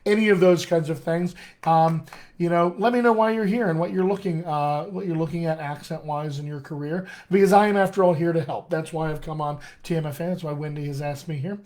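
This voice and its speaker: Chatty American dialect coach, fairly high. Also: male voice, brisk, darkish tone. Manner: chatty and filler-heavy, greets viewers by name. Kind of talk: casual live-stream teaching.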